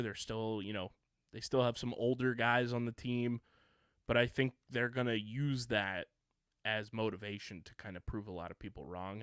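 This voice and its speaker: A man's voice: mid-range voice, clear, resonant tone, no echo, clean studio sound. A young man co-hosting a sports podcast, chatting casually and running through lists of names with lots of fillers. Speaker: podcast co-host.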